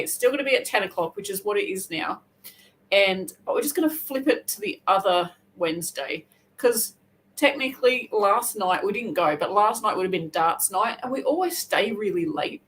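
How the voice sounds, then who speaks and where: Australian woman, crochet livestream host, relaxed rambling chat. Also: medium pitch, low-quality recording. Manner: chatty, rambling, quick self-corrections. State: hair wet, just out of the shower. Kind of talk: casual live chat.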